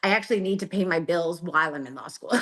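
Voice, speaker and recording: Woman guest, forties, bright clear tone, measured and open. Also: fairly low pitch. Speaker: podcast guest. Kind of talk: casual interview chat.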